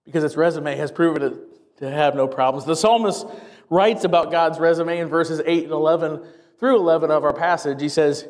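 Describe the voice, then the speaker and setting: High-voiced energetic pastor preaching. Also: male voice, big-room sound. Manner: energetic, fast and excited, with wry asides. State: getting out of breath. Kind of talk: sermon.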